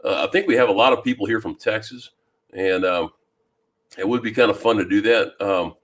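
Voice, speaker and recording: A man from Louisiana hosting a fishing live stream, chatting casually and greeting viewers by name with a deep voice and plenty of ums. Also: fairly quick, a bit bright. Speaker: fishing channel host. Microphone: new microphone.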